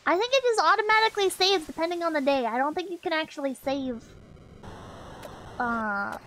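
A woman's voice: very high-pitched, lively intonation, moderate pace, a bit bright, a little hiss or hum. A woman streamer giving casual, brash game commentary, swearing often and laughing a lot.

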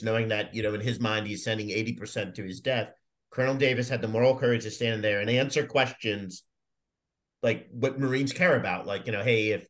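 A man's voice: mid-range voice, fairly bright tone. A middle-aged man, a retired Marine officer on a podcast, speaking in an earnest, reflective way with many fillers.

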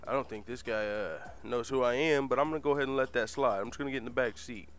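A man's voice: mid-range voice, fast, faint music behind, voice pushed down, natural voice. A man voicing an easygoing middle-aged male executive who lets an insult slide. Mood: placating. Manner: soft and placating.

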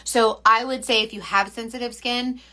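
A woman's voice: fairly high pitch, steady tone, normal speed, bright, forceful tone. A young woman hosting a makeup livestream, rambling and giggling as she reads viewer comments. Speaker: makeup seller and livestream host. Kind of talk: chatty livestream talk.

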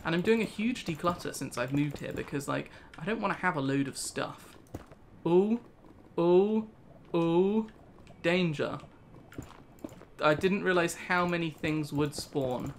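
A man's voice: on the high side, moderate pace, fairly bright tone, a little hiss or hum. A young British man hosting a casual gaming video, rambling through a story with laughs. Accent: British English. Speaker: gaming channel host. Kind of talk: casual let's play chat.

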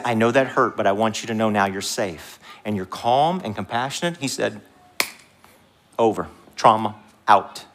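A man preaches to a congregation in a church sanctuary. His voice sits at a middle pitch, and his delivery stays conversational. He climbs high for emphasis, then sinks to soft, hushed lines. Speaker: pastor. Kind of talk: sermon.

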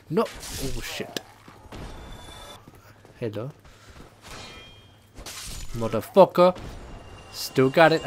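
A man hosting a casual let's-play, excitable and swearing at the game. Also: mid-range voice, slight background noise. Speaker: gaming video host.

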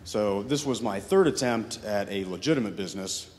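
A man with a very deep voice gives a talk to an audience, using dry, self-deprecating humor. The sound carries a long hall reverb. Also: animated, normal speed, background noise. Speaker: guest speaker, brewery founder. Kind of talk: presentation to an audience. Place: university hall. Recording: hall reverb from a room mic.

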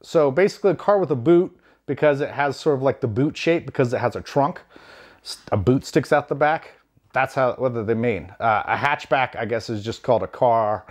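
A man from the United States telling a rambling personal travel story in a wry, self-deprecating way, with lots of fillers and asides. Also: mid-range voice. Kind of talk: casual storytelling. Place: home.

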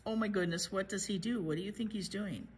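A woman librarian reading a picture book aloud to children, pausing to chat about the pictures. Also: medium pitch, breathy edge. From United States. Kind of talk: children's story read-aloud.

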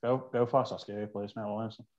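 A man's voice: lowish voice, steady tone, fast, darkish tone, dull audio. A man with an Ayrshire Scottish accent, a podcast guest who tells joking anecdotes. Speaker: podcast guest, former Muay Thai champion. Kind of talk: casual chat.

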